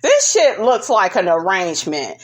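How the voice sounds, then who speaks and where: A woman recapping a reality show in casual, sassy commentary, full of "honey" and big swoops of pitch for emphasis. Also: normal speed. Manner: sassy and animated, constantly saying "honey".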